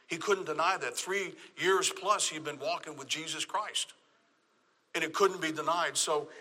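Texan male pastor, slightly high, emphatic sermon delivery in a reverberant sanctuary. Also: bright, forceful tone. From Texas. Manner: emphatic preaching, repeats phrases.

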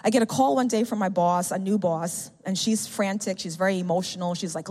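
A woman's voice: medium pitch, a little fast, few pauses. Middle-aged woman preaching in a reverberant hall. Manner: animated storytelling, acts out quoted speech, calls out "amen?". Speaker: speaker giving a testimony to a congregation. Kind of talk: testimony sermon.

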